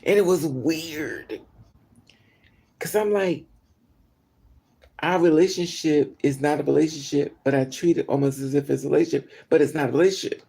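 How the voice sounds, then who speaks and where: A man tells a personal story to his livestream audience in a casual, candid way, talking straight to them and answering their comments. His voice sits a bit high for a man but has a dark, mellow tone. A gravelly, creaky edge runs through his speech. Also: moderate pace, pauses often. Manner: candid, chatty, talks straight to viewers. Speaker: vlogger.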